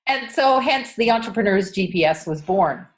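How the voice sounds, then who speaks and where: A woman's voice: medium pitch, expressive, normal speed. A woman in her sixties, an interview guest telling her story candidly with lots of fillers. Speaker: interview guest, entrepreneur coach. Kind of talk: casual interview chat.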